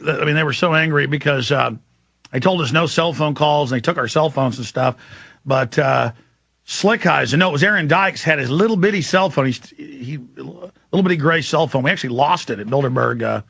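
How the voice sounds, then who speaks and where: A man's voice: medium pitch, creaky, a bit bright, no room sound, muffled recording. A man hosting a radio talk show, rambling through an emphatic story in a monologue.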